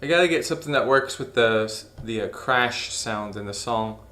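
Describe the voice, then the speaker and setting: A man's voice: medium pitch, normal speed. A tired young man chatting casually and profanely while live-streaming a video edit, mumbling through his work. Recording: echoey room with faint hum.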